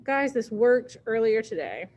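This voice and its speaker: A woman's voice: on the high side, very animated, unhurried, a little mellow. A woman teacher with a Southern US accent giving casual classroom instructions, full of "um"s and plain talk. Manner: casual, filler-heavy, plain-spoken.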